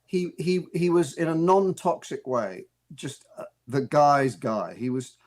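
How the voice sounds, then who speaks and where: A man's voice: fairly high pitch, unhurried. A male actor and author, a guest in an interview, telling amused stories in a rambling way, with many restarts and repeated words. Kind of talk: casual anecdotal storytelling. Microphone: radio studio mic.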